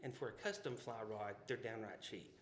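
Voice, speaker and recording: Here a fairly low-pitched Southern man talks at a fairly quick clip as a podcast co-host, telling meandering folksy tales packed with restarts, side comments, and "you know." The recording carries slight background noise, faint ambience, and a roomy echo.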